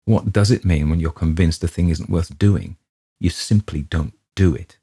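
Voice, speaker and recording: A weary male writer in his forties, tired of his craft and prone to grumbling, as a man reading the story gives him voice. The voice sits deep and dark with a husky edge. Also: moderate pace. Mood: wan. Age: 40s. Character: weary middle-aged male writer, petulant.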